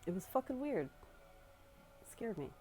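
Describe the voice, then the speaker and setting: A young woman telling a personal story in a casual, rambling way, often pausing, restarting and swearing. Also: fairly high pitch, sing-song, a little mellow, faint music behind. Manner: rambling, halting, with frequent swearing.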